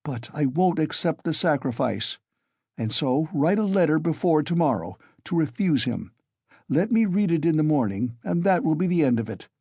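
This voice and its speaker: A man's voice: a little high, big pitch swings, normal speed, dark tone, slightly rough, dry recording, voice pushed up, heavily acted. Irritable fevered young student for a classic audiobook , read by a man, raised voice, dry sound. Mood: insistent. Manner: irritable, insistent.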